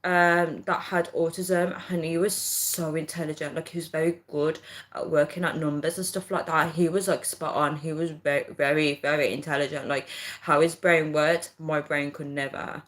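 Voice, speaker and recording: Chatty Birmingham woman, low voice. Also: steady tone, normal speed. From England. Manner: chatty, warm-hearted, lots of fillers. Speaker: livestream host. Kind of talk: casual livestream chat reading comments.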